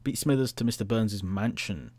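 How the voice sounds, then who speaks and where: A man's voice: lowish voice, normal speed, darkish tone. A man giving casual let's-play commentary, jittery, chatty and self-mocking as he plays. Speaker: gameplay commentator.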